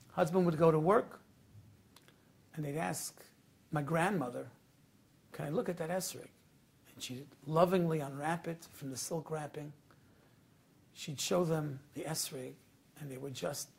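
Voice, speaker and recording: A rabbi tells a story in a sermon, his voice very high with a gravelly rasp. He swings dramatically between hushed moments and loud, emphatic passages.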